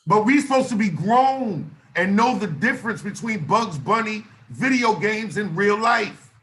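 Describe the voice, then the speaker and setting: A man from Northern Illinois, a guest on a podcast, telling stories in animated casual talk with bursts of loud laughter. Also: high voice, measured pace, very noisy. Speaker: guest rapper.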